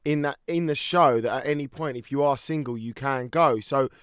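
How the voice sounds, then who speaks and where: A man co-hosting a casual chat show, playful and animated in banter. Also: mid-range voice, moderate pace, clear, resonant tone. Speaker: co-host.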